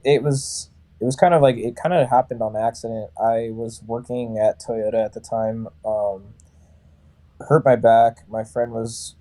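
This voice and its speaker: Male, thirties, singer from California, warm mellow tone, talks in lively anecdotes and acts out the other voices. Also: medium pitch. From Sacramento, California. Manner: animated, acts out other people's lines. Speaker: metalcore band vocalist and barber. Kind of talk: casual storytelling in a podcast interview.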